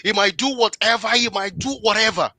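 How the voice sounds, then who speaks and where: A man's voice: high voice, fairly even intonation, fairly quick, pushed and bright, no echo. A man giving an impassioned motivational talk on relationships, speaking emphatically, repeating phrases for force and addressing the audience directly.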